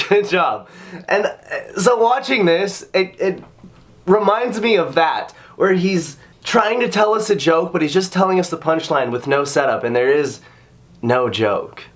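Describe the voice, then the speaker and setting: A man's voice: high voice, fairly bright tone. A man hosting a reaction video, ranting in sarcastic, exasperated commentary full of swearing.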